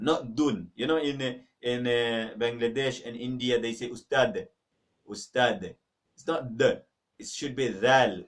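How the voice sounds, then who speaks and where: A male teacher leading an online Arabic lesson at a measured, drilling pace. He repeats each word and has the students echo it, then urges them firmly to keep practising. His voice sounds a little distant from the microphone. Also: medium pitch. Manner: drills words slowly, makes students repeat; emphatic, exhorting. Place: mosque teaching room. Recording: voice a little far from the mic.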